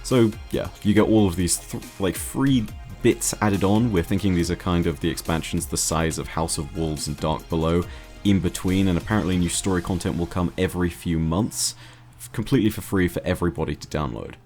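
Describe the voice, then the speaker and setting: A man laying out gaming news in a clear, orderly, measured way during a casual discussion. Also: deep voice, a little mellow, faint music behind. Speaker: guest commentator on a gaming discussion. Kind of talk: casual chat.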